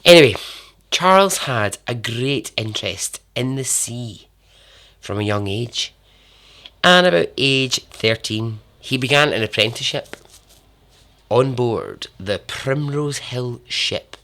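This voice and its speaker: A man hosting a podcast, telling true survival stories in a casual way, repeating words for emphasis and letting phrases trail off softly. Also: medium pitch, expressive, slow. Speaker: podcast host. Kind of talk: casual storytelling narration.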